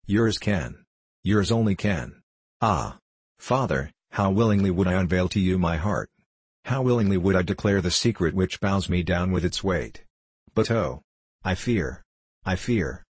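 A man's voice: deep voice, expressive, a little slow, husky, dry recording, exaggerated voice. A man reading the part of an anguished young novice monk, in an impassioned, faltering, pleading voice.

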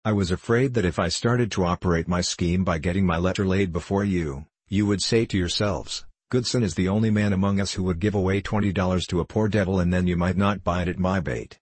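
A man voicing a scornful, vengeful male stranger in a measured, contemptuous audiobook reading. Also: low-pitched, husky, dry recording.

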